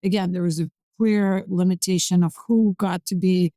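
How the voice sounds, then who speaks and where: Woman in her forties from Azerbaijan as interview guest, mellow tone, halting speech full of fillers. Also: on the low side, steady tone, no room sound. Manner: hesitant, many fillers and restarts. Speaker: physician-scientist guest. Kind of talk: conversational interview.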